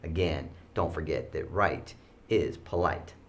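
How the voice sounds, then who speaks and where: A man teaching students school rules with animated storytelling, acting out the kids' voices. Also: rumbling low, a little slow, a little hiss or hum.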